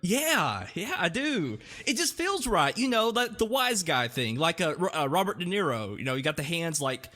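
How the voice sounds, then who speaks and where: Animated male podcast host, high voice, playful and self-mocking. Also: normal speed, hardly any pauses. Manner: animated, jokey, self-deprecating. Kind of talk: casual movie review chat.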